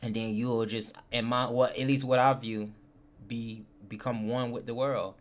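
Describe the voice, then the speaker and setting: A man with a mid-pitched voice chats casually on a live stream as he reacts to a clip. He rambles in a relaxed way, pausing with fillers while he works out his thoughts. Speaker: livestreamer.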